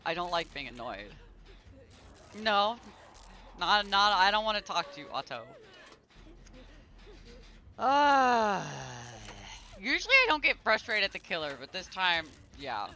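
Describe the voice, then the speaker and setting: High, lively-voiced male game streamer. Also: a little slow, long pauses. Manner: exasperated, grumbling to himself. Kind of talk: live gameplay commentary.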